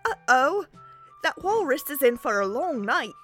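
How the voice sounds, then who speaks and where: A woman's voice: sing-song, faint music behind, full character voice. A woman doing a bubbly, gushing young man. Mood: worried. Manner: high, loud and drawn-out.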